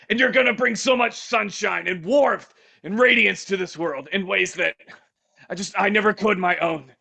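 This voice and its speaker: A man doing a gruff teen anime hero with a gravelly, high, bright rasp who gushes tenderly and keeps choking up. It's improv comedy. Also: heavily acted. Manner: gushing, sentimental, choking up.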